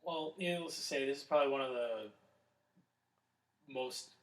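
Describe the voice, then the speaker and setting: A young man hosting a casual wrestling podcast, stammering at the start and trailing off quietly. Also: medium pitch, normal speed, roomy sound, distant mic.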